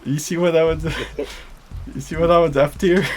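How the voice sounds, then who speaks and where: A man's voice: fairly high pitch, fairly even intonation, measured pace, a little hiss or hum. A young man co-hosting a casual podcast, joking and laughing a lot. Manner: laughs often, jokey. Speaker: podcast co-host.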